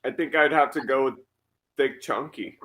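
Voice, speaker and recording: A man's voice: medium pitch, normal speed, a bit bright, slight background noise, rough recording. A man who is a father, hosting a podcast in crude, joking casual chat. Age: adult father. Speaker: podcast host.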